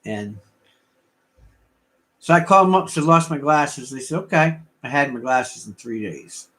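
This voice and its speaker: Rambling, lively-voiced older man. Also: a little high, measured pace. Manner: rambling, folksy, chatting with viewers. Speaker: livestream auction host. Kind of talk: casual livestream chat.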